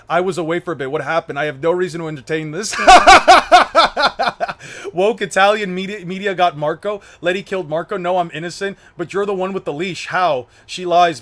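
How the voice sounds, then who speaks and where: A young man with a notably high voice streams live to his chat. He swears freely, repeats himself, and stumbles through restarts as he talks. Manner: profane, repetitive, stumbling restarts. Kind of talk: livestream chat.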